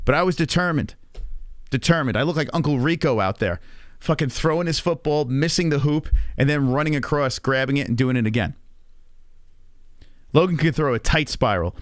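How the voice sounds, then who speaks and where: A man in his thirties hosting a live stream, telling rambling, profane anecdotes in a casual, animated way. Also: fairly high pitch, clear, resonant tone, no room sound, clean studio sound. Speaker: stream host.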